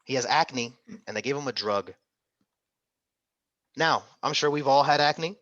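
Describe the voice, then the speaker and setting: Man, exam tutor, upbeat coaxing manner, bright voice, dry slightly muffled audio. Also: medium pitch, a little slow, no room sound. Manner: upbeat, coaxing, calls on students by name. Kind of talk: interactive online class.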